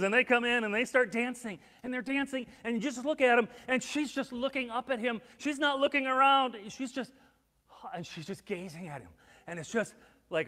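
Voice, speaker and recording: A man preaching a sermon as pastor, telling stories with acted-out quotes and swinging between hushed and loud. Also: extremely high pitch, brisk, big-room sound. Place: church sanctuary.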